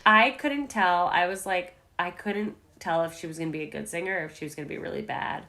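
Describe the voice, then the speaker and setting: A young adult woman guesting on a podcast, chatting casually in an excitable, emphatic way and laughing often. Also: on the low side, a little fast, creaky. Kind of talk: casual recap chat.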